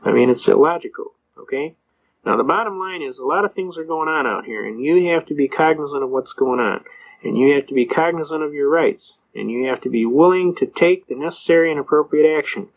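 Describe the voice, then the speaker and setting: An older man lecturing in a rambling, folksy storytelling way, often pausing with "uh". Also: a little high. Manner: rambling, folksy, with frequent "uh" fillers. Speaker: lecturer on citizens' rights. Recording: dull lo-fi recording.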